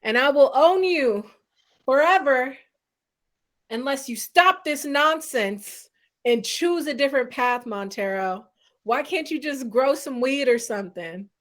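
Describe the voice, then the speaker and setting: A woman playing her game character, a smug adventurer who threatens slowly and deliberately. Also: high-pitched, lively intonation. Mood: menacing. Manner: slow, drawn-out threatening.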